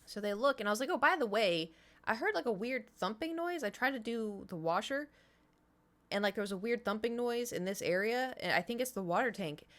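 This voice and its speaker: A woman's voice: on the high side, lively intonation, fairly quick, a bit bright. Chatty woman telling stories. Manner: chatty storytelling with sound effects and whispered swearing. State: voice slightly strained. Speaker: streamer. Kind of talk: casual chat to a live stream audience.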